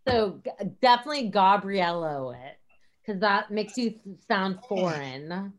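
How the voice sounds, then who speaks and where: A woman's voice: medium pitch, lively intonation, unhurried. Teasing woman podcast host. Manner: teasing, playful. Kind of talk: casual podcast chat.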